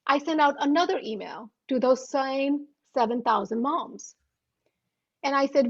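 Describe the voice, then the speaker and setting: A woman in her thirties, a guest author on a video call, telling a self-deprecating story with animated delivery. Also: high-pitched, a little slow. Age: 30s. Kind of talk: anecdotal storytelling. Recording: muffled lo-fi audio.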